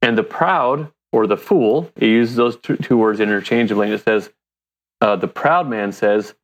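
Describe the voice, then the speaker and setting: An American company founder, appearing as an interview guest, tells stories casually in a lowish voice at a moderate pace. He laughs often and acts out his own thoughts as he goes.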